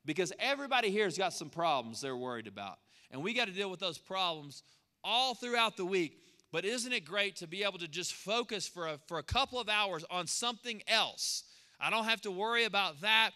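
A man preaching a sermon as pastor, animated and quick to act out the people he quotes. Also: sits high. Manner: animated, acts out quoted voices. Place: church sanctuary. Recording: long church hall reverb.

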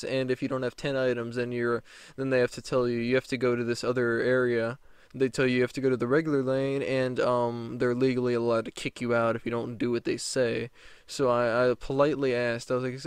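Young man, vlogger, rambling storytime rant, profane, smooth voice, dry close sound. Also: mid-range voice, little pitch movement, brisk, no room sound.

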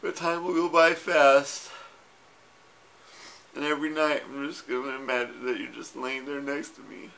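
A tearful husband records a rambling, tender goodbye video to his wife on his own camera, full of fillers and swearing. His mid-range voice is gravelly and sharp, delivered flatly at a normal speed.

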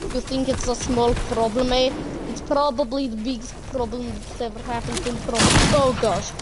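A woman's voice: fairly high pitch, fairly even intonation, moderate pace. A woman streaming a game, chatting playfully and teasing her friends in a sing-song way. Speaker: gaming streamer. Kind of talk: casual gameplay chatter. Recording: noisy game stream audio.

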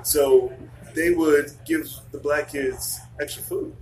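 A man's voice: fairly high pitch, steady tone, slow, darkish tone. A man hosting a podcast in casual chat, blunt and profane as he tells stories. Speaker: podcast host. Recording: echoey room, distant mic, noisy.

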